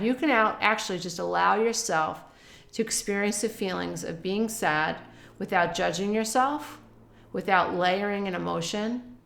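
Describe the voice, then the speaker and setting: A woman with a mid-pitched voice and a gravelly, creaky edge talks about emotional healing in a calm, loosely structured monologue. She repeats phrases like affirmations and keeps a soothing tone. Her voice bounces a little off the walls of an echoey room. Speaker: spiritual wellness teacher. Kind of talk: casual advice monologue to camera.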